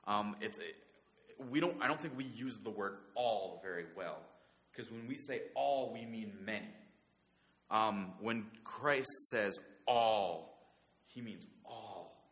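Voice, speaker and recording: A man preaching a sermon, earnest and halting, often restarting his words and dropping softer when he voices God's promises. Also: on the low side, expressive. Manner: earnest, halting, many restarts, soft paraphrased quotes of God.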